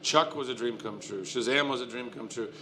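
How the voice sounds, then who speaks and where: An American man in his forties, an animated storyteller who laughs often and restarts his sentences, talking as a guest on a live convention stage. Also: mid-range voice, a little fast, slight background noise. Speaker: guest actor. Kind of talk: casual stage interview.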